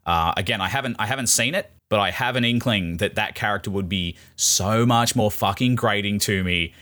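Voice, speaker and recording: A man co-hosting a casual film podcast, animated and sweary with blunt opinions. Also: fairly low pitch, a little fast. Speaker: podcast co-host, film reviewer. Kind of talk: casual chat.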